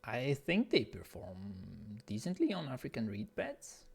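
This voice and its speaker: A man's voice: mid-range voice, wildly swooping pitch, a little slow, creaky, husky. A man casting an esports match in a casual, hesitant way, thinking aloud with plenty of fillers while speaking over an online voice call. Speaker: esports caster. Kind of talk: casual game commentary. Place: home setup on an online voice call.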